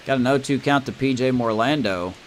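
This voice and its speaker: A man's voice: medium pitch, fairly quick, a little hiss or hum. A man casually commenting on his baseball video game, chatty and self-deprecating, reacting to each play. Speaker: gamer playing a baseball franchise mode.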